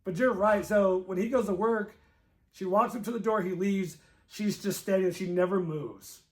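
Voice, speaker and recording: Male co-host, high voice, excitable casual recapper, lots of fillers. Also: normal speed. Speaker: co-host movie reviewer. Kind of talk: casual chat.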